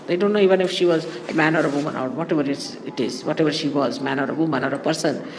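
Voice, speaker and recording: A woman's voice: deep voice, very fast. Woman telling stories in an echoey hall. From India. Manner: anecdotal, digressive storytelling with asides. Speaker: spiritual teacher. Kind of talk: spoken talk to followers. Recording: echoey hall with faint background noise.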